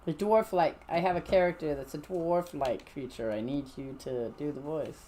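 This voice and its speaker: A woman's voice: sits low, normal speed, warm tone. A middle-aged woman streaming a game, chatting casually in a rambling way, full of fillers and restarts. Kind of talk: casual chat while gaming.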